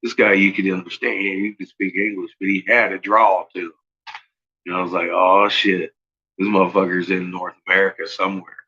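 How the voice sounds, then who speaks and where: A man's voice: low voice, bright, forceful tone, husky, muffled recording. A man hosting a casual livestream chat, rambling, swearing freely and laughing often. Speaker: channel host.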